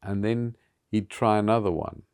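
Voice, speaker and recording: A man's voice: fairly low pitch, little pitch movement, moderate pace, a little mellow, clear, resonant tone, no room sound, clean studio sound. A man, telling theatre stories with frequent chuckles. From South Africa. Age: 70s. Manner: anecdotal, chuckles often between phrases. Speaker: theatre founder being interviewed. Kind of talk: reminiscing storytelling.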